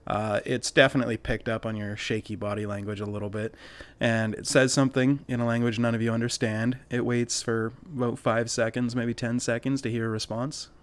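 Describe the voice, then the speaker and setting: A man running a tabletop game as game master, narrating scenes in a relaxed, descriptive way with casual fillers. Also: medium pitch, brisk, few pauses, smooth.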